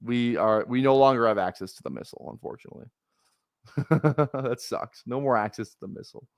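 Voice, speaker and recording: A young man hosting a casual live stream, talking fast in rambling bursts with restarts and plenty of swearing. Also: mid-range voice, no room sound, clean studio sound. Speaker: fantasy football streamer.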